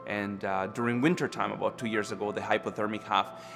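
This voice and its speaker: A man's voice: fairly low pitch, steady tone, fairly quick, vocal fry. Man, testimony, echoey church hall, music underneath. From Costa Rica. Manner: earnest storytelling with frequent restarts. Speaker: church member sharing a testimony. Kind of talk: personal testimony at a church service. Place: church auditorium.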